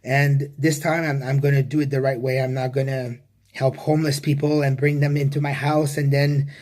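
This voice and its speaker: Adult man, mid pitch, confessional vlog, halting delivery, casual swearing. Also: little pitch movement, darkish tone. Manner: halting, with many restarts and fillers. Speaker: vlogger. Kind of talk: rambling personal confession.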